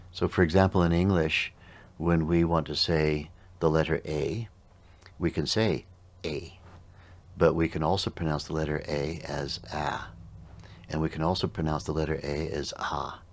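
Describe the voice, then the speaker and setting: Male meditation teacher, extremely low voice, calm and unhurried in explanation.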